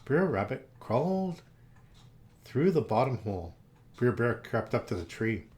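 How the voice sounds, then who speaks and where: Animated man reading a children's story. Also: mid-range voice, measured pace. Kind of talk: children's story read-aloud.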